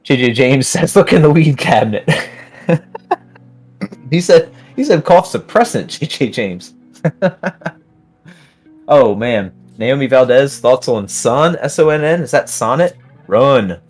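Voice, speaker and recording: A man's voice: medium pitch, animated, slow pace, long pauses, faint music behind. A man hosting a live trading stream, chatting casually while reading viewer comments aloud and laughing often. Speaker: livestream host.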